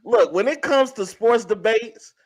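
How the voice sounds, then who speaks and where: A man from Chicago co-hosting sports talk, blunt and lively. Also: very high-pitched, unhurried, crowd noise.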